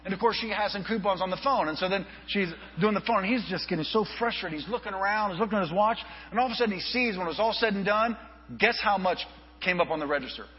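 A male pastor telling an animated story in a sermon, acting out the people he quotes. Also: high-pitched, fast talker, husky. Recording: reverberant hall, dull lo-fi with mains hum.

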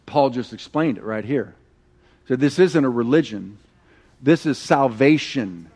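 A middle-aged man preaching a sermon, telling stories with animated, acted-out quotes. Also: mid-range voice, a little slow, breathy edge. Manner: animated storytelling, acting out quoted voices. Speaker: pastor.

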